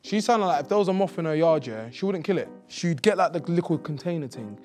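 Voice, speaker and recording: A man's voice: on the high side, expressive, quick pace, a little mellow, faint music behind. Cheeky young London man. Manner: cheeky, teasing, slangy. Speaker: blind dating contestant. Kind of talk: casual chat.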